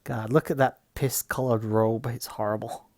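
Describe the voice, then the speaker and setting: Man, blunt, swears a lot, casual chat, mid pitch, dry sound. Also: fairly even intonation, moderate pace, a little mellow, dry recording. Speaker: podcast co-host. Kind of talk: casual chat while watching wrestling.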